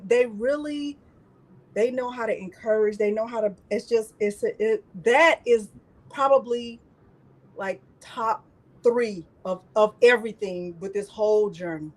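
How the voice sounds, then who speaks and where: Woman host, fairly high voice, rambling, effusive, casual live chat. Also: unhurried, low-quality recording. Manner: rambling, repeats herself, emotional and effusive. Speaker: host of a live crafting stream.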